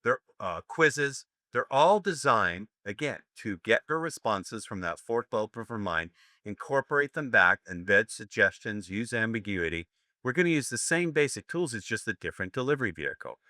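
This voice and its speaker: A man's voice: lowish voice, expressive, normal speed, bright, forceful tone, no room sound, studio quality. An older American man giving a live seminar lecture, brash and profane, joking with his audience. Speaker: seminar instructor.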